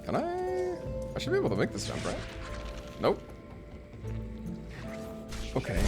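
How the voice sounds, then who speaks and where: A man's voice: extremely high pitch, huge pitch swings, a little slow, long pauses. A man streaming gameplay live, talking to himself, yelping and groaning at the game, and rambling in asides. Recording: game music behind voice.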